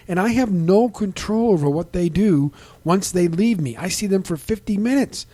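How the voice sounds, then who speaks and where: A middle-aged man hosting a casual podcast, talking in a halting, rambling way with many restarts and fillers, livening up when he quotes other people. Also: on the high side, dark tone, no echo. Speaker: podcast host. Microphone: desk microphone.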